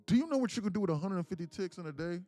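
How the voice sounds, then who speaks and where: A man hosts a live trading stream in a lively voice that leaps up and down in pitch. He talks in slangy street style, preaching and firing rhetorical questions at his viewers. Faint music runs behind him. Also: very fast, dry recording. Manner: slangy, casual street talk. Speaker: day trading livestream host.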